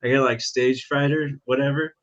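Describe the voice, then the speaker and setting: American male veteran on a podcast, relaxed and chatty, slightly muffled. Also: mid-range voice, normal speed. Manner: laid-back, uses "dude" and "like" often. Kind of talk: casual podcast chat.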